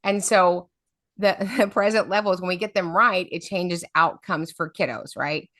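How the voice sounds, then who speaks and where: A woman's voice: fairly low pitch, unhurried, no echo, studio quality. A middle-aged woman, an advocate telling stories in an interview and often checking in with "right?". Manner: lively storyteller, often adds "right?". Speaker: special education advocate, guest. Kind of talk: storytelling interview talk.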